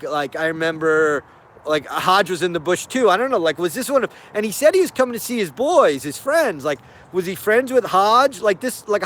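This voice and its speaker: A man hosting a casual live stream, animated and sarcastic, laughing often and using lots of fillers. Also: high voice, a little hiss or hum. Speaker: host.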